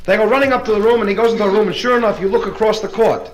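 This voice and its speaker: A man doing live stand-up comedy at a private party, telling brisk, punchline-driven stories. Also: high-pitched, a little hiss or hum, low-quality recording.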